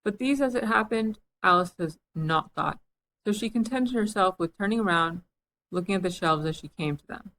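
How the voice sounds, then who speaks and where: A woman reading a classic children's story aloud as an audiobook, with a lively, expressive delivery. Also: mid-range voice, normal speed, a little hiss or hum, low-quality recording. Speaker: audiobook reader. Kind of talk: storybook narration.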